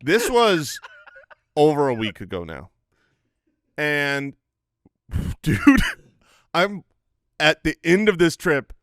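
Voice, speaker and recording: A middle-aged man co-hosting a comedy podcast, telling a story in an animated way, laughing as he goes and shouting the punchlines. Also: fairly high pitch, takes it slowly, pauses often, no room sound, clean studio sound.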